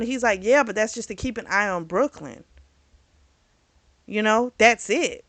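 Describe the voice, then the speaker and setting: A woman reviewing a book in casual chat, retelling the plot in a chatty, animated way. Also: fairly high pitch, moderate pace, pauses often, no echo. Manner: chatty, animated retelling with acted quotes and laughs.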